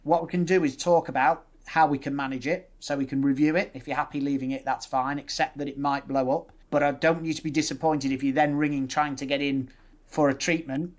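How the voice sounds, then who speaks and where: A man's voice: on the high side, steady tone, fairly quick. A man, a guest dentist talking through his practical methods step by step. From West Yorkshire, England. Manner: practical, explains step by step, uses patient scripts. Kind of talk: casual interview chat.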